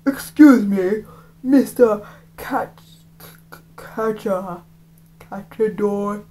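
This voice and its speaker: A woman's voice: medium pitch, extremely slow, mellow, a little hiss or hum. A woman reading aloud, voicing a stern, two-faced male homeroom teacher who snaps orders. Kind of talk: amateur audiobook reading.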